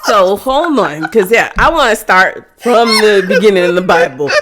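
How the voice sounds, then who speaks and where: A woman's voice: medium pitch, expressive, normal speed, a bit bright, slight background noise. A woman co-hosting a podcast in casual chat, telling the story with lots of laughter. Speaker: podcast co-host.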